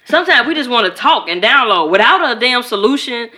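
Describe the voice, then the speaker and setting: A woman from Chicago co-hosting a podcast in casual chat, animated and profane, acting out quoted voices. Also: fairly high pitch, brisk. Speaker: podcast co-host.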